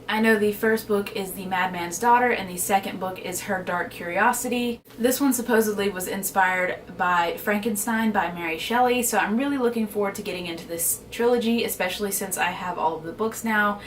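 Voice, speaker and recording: A woman's voice: mid-range voice, recorded from a distance, slight background noise. A woman vlogger chatting casually about books she bought, often unsure of titles and gushing about favorites. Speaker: book vlogger. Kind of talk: casual book haul chat.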